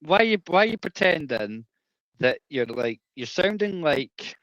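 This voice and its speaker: A man's voice: a little high, sing-song, measured pace, a bit bright, lo-fi sound. A Scottish man hosting a live stream, rambling casually and swearing freely.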